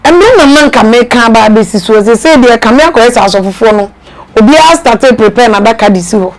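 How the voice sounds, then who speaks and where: A host in a relaxed, casual chat who murmurs agreement and then introduces a clip. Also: medium pitch, fast, poor audio.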